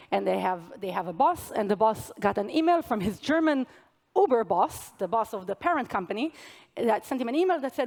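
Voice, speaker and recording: A young woman delivers a conference keynote in a fairly high voice. She keeps it conversational, throwing jokes and asides to the audience between her points. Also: darkish tone. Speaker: keynote speaker. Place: large conference hall stage.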